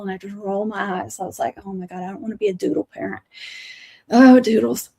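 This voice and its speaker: A middle-aged woman with a drawl, chatting through a long story on a livestream. Her voice sits a bit high with a gravelly edge, and she rambles through asides. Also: a little mellow. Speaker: craft channel host. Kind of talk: casual livestream chat.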